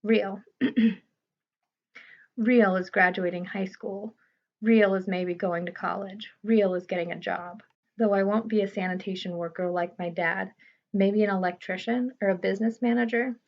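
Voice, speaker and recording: A woman reading a first-person novel aloud in a steady, understated way. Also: medium pitch, normal speed. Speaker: audiobook reader. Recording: slightly muffled recording.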